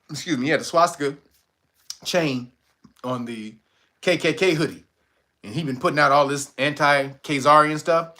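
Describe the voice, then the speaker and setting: High-voiced guy on a livestream, bright tone, loud and cussing, cracking up at chat. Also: moderate pace, pauses often. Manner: loud, profane, laughs often, reacts to viewer comments. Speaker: livestream host reading chat. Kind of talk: casual livestream commentary.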